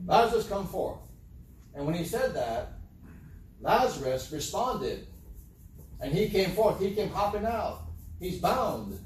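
A man with a slightly high voice delivers a conversational sermon, putting rhetorical questions to his congregation. He sounds a little distant from the mic, and his voice rings through a very echoey room with faint ambience behind it. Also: sing-song, slow, pauses often, darkish tone, a little hiss or hum. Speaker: preacher.

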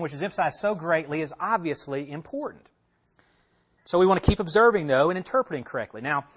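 In a high-leaning, fairly bright voice, a man explains a Bible passage in an expository sermon as a pastor. His style is conversational, full of questions for listeners and repeated lines.

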